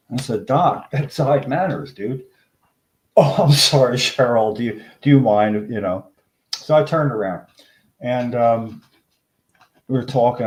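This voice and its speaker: An older man, a guest in an interview, telling a long story in a rambling, animated way and acting out the voices he quotes. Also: fairly low pitch. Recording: echoey room.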